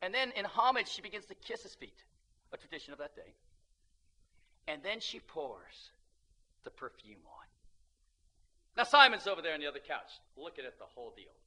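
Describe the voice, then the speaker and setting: A man's voice: a little high, fairly quick, pauses often. A male preacher giving a sermon who retells a scripture story and calls out for amens from the congregation. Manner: animated, emphatic, calls for amens.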